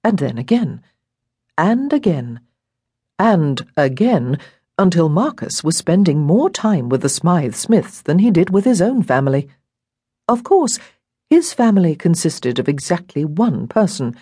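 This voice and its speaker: A woman narrating a novel in a measured storytelling manner. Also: on the low side, big pitch swings, dark tone, slightly rough, no room sound, clean studio sound. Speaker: audiobook narrator. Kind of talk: scripted narration.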